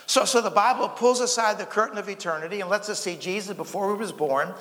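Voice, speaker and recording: Male pastor, high voice, folksy sermon delivery, long hall reverb. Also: fast, few pauses, pushed and bright. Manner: folksy, repeats words, tells light jokes.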